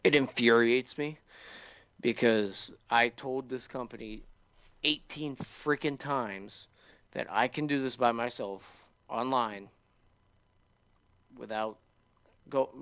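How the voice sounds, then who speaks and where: A man's voice: mid-range voice, a little slow, a bit bright, clear, resonant tone, dull audio. A man co-hosting a podcast, venting sarcastic complaints in casual chat. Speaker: podcast co-host.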